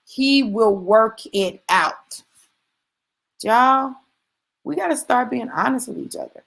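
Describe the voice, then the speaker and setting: Woman, motivational talk, gravelly fry, emphatic, repeats lines for stress, speaks directly to listeners. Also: on the high side, slow pace, fairly bright tone. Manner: conversational, addresses listeners directly.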